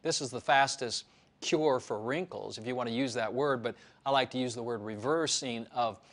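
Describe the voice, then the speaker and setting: A man's voice: mid-range voice, moderate pace, fairly bright tone. A man giving a promotional monologue as an author, emphatic and repetitive, with a preachy way of talking. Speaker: health author.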